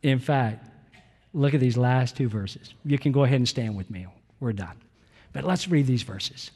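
A male pastor delivering an earnest Wednesday night sermon in a church, slow and emphatic with pauses. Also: mid-range voice, animated, a little mellow, husky. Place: church sanctuary. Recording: reverberant church hall.

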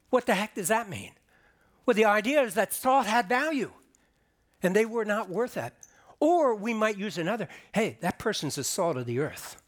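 A man's voice: sits high, fairly bright tone. A man delivering a sermon as a pastor, explaining scripture in a conversational way and rising for emphasis. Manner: conversational preaching with restarts and emphatic rises. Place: church sanctuary.

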